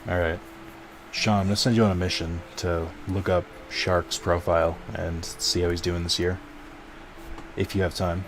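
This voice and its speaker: A man's voice: deep voice, level tone, normal speed, a little hiss or hum. A man streaming a video game, rambling casually to his chat and swearing now and then. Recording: game music underneath.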